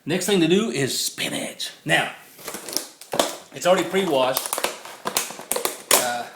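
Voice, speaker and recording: A man's voice: on the high side, expressive, slow pace, background noise. A man, chatting and joking as he films himself cooking at home on a phone. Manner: chatty, jokey, laughs often. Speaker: home cook filming a recipe video. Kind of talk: casual cooking demo. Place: home kitchen. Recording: echoey kitchen on a phone mic.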